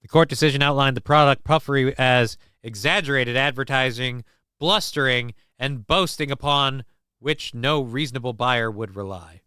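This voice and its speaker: Male livestream host, mid pitch, smooth and dry, rambling and profane, self-mocking. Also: moderate pace, pushed and bright, no echo. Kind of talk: casual livestream chat.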